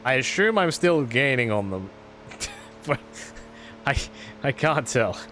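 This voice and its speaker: A man's voice: mid-range voice, expressive, slow, a bit bright, slight background noise. A man streaming a racing game, talking to himself in a sarcastic, self-deprecating way. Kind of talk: casual gameplay commentary.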